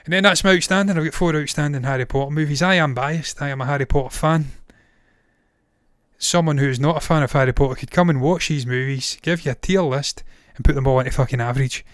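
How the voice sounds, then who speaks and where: A film reviewer and live-streamer in his thirties talks fast in a slightly high voice during casual stream chat, handing out blunt, opinionated verdicts and swearing without a second thought. After a long stream he sounds tired and strained, and the audio is close and dry with no echo or room around it.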